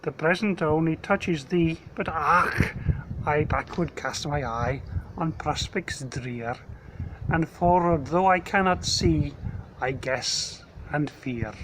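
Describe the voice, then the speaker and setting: Man reciting poetry slowly outdoors. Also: fairly high pitch. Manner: slow, measured reading. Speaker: contributor reciting a poem. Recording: noisy outdoor recording.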